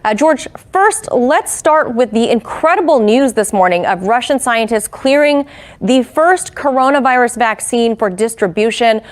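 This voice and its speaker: A woman anchoring a news interview, who sets up the story and asks her guest brisk, leading questions. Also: a little high, expressive.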